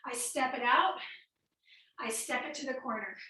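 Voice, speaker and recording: Woman fitness instructor, high and sharp, a bit winded, echoey room, mic across the room. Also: moderate pace, distant mic. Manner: upbeat counting cues, coaching while exercising. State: a little out of breath. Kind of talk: workout class instruction.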